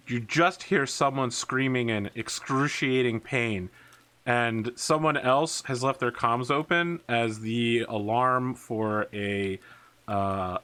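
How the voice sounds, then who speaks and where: A man's voice: mid-range voice, fairly bright tone. A man narrating and running a tabletop wargame as game master, laid-back and thinking aloud.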